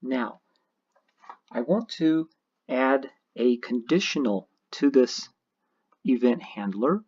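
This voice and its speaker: Slow, husky tutorial narrator. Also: medium pitch, lively intonation, a little mellow. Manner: methodical step-by-step explaining. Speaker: programming teacher. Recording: dull lo-fi screen recording.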